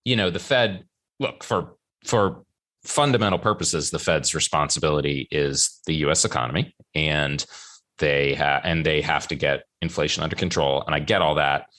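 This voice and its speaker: A man's voice: rumbling low, normal speed, sharp tone. A man hosting an economics podcast, talking in a rambling, conversational way and often correcting himself mid-sentence. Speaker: podcast host. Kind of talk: casual economics podcast talk.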